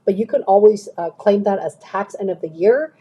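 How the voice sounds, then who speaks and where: A woman's voice: medium pitch, moderate pace, breathy edge, dull audio. A woman career coach chatting on a live stream, answering viewers' questions and often checking in with "okay?".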